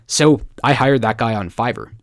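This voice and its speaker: A man from Canada hosting a casual marketing tutorial, chatty and excitable, breaking into jokes and acted-out quotes. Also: mid-range voice, moderate pace, no echo, studio quality. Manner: chatty, excitable, joking asides, acts out quoted voices. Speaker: marketing video host. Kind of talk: casual talking-head tutorial.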